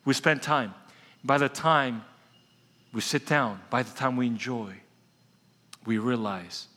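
A man preaching a sermon as pastor, an animated storyteller who slows down to stress key points, in a church sanctuary. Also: medium pitch. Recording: long hall reverb.

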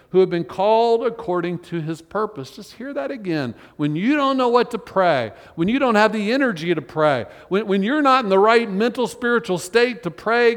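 A male pastor preaching a conversational sermon, voicing drawn-out groans and sighs. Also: high voice. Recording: long hall reverb.

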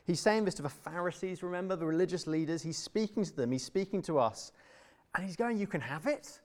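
With a high-pitched voice and a fairly quick pace, a young man delivers an earnest, emphatic sermon that occasionally drops to something soft and tender.

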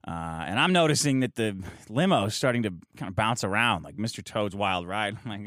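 A man's voice: lowish voice, sing-song, quick pace, hardly any pauses, a bit bright, no room sound. A man telling a profane, mocking story as a podcast guest, close to the mic.

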